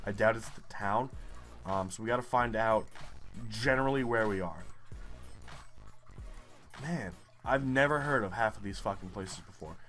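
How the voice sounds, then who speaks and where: A man's voice: on the low side, moderate pace, pauses often, a bit bright, soft background music. A young man giving profane, frustrated commentary while playing a geography guessing game. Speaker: gaming YouTuber. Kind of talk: live gameplay commentary.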